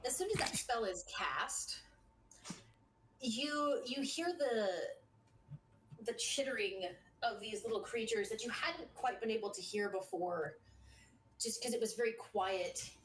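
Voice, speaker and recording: A woman's voice: a little high, measured pace, a bit bright, a little hiss or hum. A woman narrating as game master of a tabletop game, describing scenes and restarting phrases as she goes. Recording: echoey room, distant from the mic.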